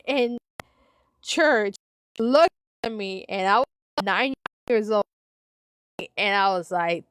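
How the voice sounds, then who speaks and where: A woman's voice: mid-range voice, lively intonation, measured pace, long pauses, clean tone, no echo, studio quality. A woman reading a story aloud and rambling into side comments, with many restarts and the odd Spanish exclamation. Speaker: story reader.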